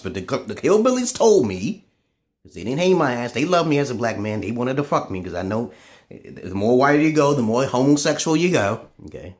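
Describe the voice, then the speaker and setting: A man in a casual, profane ranting monologue to camera, swinging between loud outbursts and low muttering. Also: sing-song, a little fast. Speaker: vlogger.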